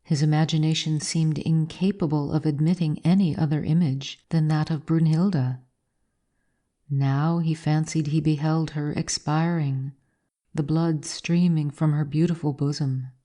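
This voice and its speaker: A woman reading an old gothic tale aloud in slow, measured narration. Her voice sits low and mellow. She takes her time over each phrase. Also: steady tone. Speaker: reader.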